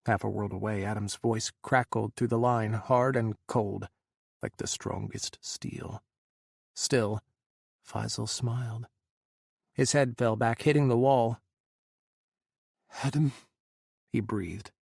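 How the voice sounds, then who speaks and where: A man reading an audiobook in a measured, dramatic narration style. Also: medium pitch, fairly even intonation, gravelly, no room sound, studio quality. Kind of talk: scripted narration.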